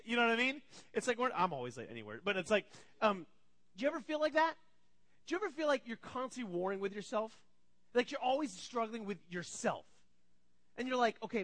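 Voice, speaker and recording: A man in his thirties preaching, telling a family story and acting out his kids' voices with animated energy. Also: high-pitched. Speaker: pastor. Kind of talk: storytelling sermon.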